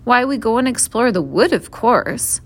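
A woman's voice: a little high, lively intonation, normal speed, pitched above the performer's own voice. A woman reading a storybook aloud and voicing an eager, bossy eldest schoolboy with hearty, old-fashioned exclamations.

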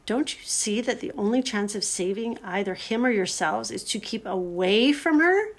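A woman's voice: medium pitch, lively intonation, moderate pace. A woman doing Missus Beaver, motherly beaver. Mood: urgent. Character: motherly, practical female beaver.

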